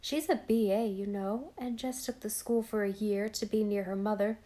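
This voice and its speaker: A woman reading an audiobook aloud, narrating and voicing the dialogue in a gentle, expressive way. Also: medium pitch, moderate pace.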